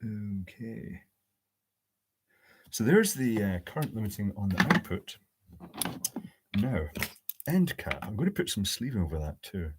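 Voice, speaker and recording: A fairly low-pitched man talks through a live electronics build at his workbench, pausing to think aloud and slipping in dry jokes. Faint clicks of tools sit quietly behind his voice. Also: sing-song, noisy background. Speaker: electronics hobbyist host. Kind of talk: live-streamed workbench build, answering chat.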